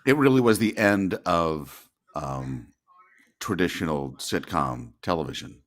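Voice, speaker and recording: A man's voice: low-pitched, lively intonation, measured pace. A man chatting as a guest commentator at a casual watch party, wry and opinionated, teasing the others.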